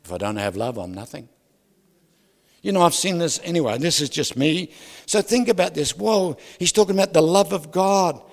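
A male pastor preaching a lively sermon, asking the congregation questions and swinging from loud to soft. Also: on the high side, normal speed. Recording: reverberant hall.

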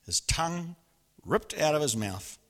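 A man preaching a sermon in a church hall, lively and animated, often laughing and acting out voices. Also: a little high, unhurried. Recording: long hall reverb.

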